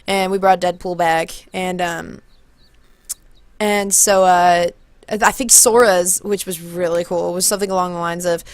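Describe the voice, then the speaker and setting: A young woman telling a story in a casual vlog, excited and rambling, often backtracking to fix the order of events. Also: on the low side, normal speed, dry recording. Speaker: vlogger.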